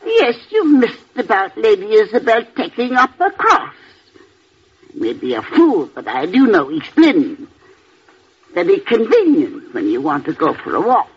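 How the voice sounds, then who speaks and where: An actress playing a domineering, sarcastic old aunt who is an invalid, in a vintage radio drama. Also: female voice, mid-range voice, huge pitch swings, unhurried, breathy edge, heavily acted. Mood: scolding. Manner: sharp, scolding, sarcastic. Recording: muffled old radio recording.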